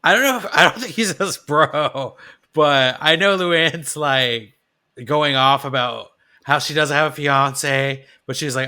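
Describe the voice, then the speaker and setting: A man's voice: a little high, measured pace, pushed and bright, clear, resonant tone. A man co-hosting a podcast, chatting casually and rambling with many restarts. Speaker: podcast co-host. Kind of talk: casual chat.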